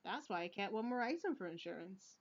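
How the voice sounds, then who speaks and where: A woman's voice: medium pitch, animated, fairly quick. A woman voicing a smug, menacing older male police chief who gloats and laughs heartily, read aloud from a video game. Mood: gloating. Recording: lo-fi recording.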